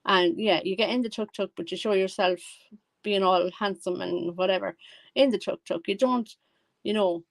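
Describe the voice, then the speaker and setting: A woman's voice: mid-range voice, normal speed, vocal fry, dry recording. A woman hosting a live stream. She comments casually, rambles and corrects herself as she goes. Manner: rambling, self-correcting, chatty. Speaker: live-stream reaction host.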